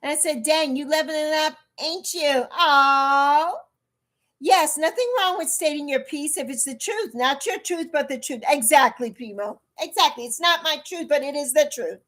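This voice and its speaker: Woman, 60s, high voice, blunt, emphatic, casual livestream chat. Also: normal speed, fairly bright tone. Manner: blunt, emphatic, repeats herself, reads and answers chat. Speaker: livestream host.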